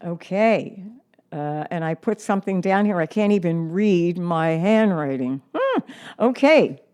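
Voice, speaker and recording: Slow-talking woman teaching singing. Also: on the low side, mellow, smooth. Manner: slow, encouraging, reads aloud and sings examples. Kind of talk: singing lesson with demonstrations.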